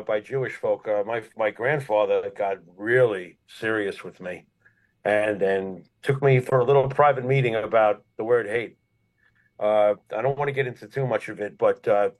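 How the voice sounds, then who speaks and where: A man co-hosting a casual talk show, blunt and sarcastic, who swears freely and tells stories in an animated way. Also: fairly low pitch, normal speed, low-quality recording. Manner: animated when telling a story. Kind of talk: casual conversational storytelling.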